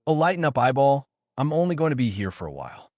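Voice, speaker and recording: A man's voice: mid-range voice, sing-song, fast talker, darkish tone, no room sound, clean studio sound, voice pushed up, natural voice. A man reading a story aloud, voicing a sassy, lazy male spirit who talks inside a boy's head. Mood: teasing.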